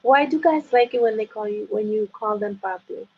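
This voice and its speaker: A woman who grew up speaking chats playfully as a guest, quick to laugh. Her voice is raspy with gravel at the edges and sits a touch high. It comes through a dull, muffled call line. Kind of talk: casual flirty chat.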